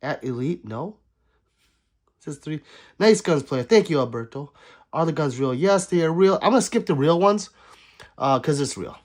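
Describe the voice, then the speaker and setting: A man's voice: fairly high pitch, expressive, moderate pace, pauses often. A man livestreaming casually, reading his chat aloud and joking back at viewers.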